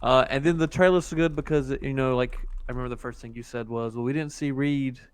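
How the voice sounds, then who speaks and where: A man co-hosts a relaxed podcast conversation with an excitable, emphatic delivery. His voice is smooth and resonant at a middle pitch. It sounds dry and close, with no room sound. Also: fast talker, no room sound. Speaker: podcast co-host. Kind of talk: casual chat.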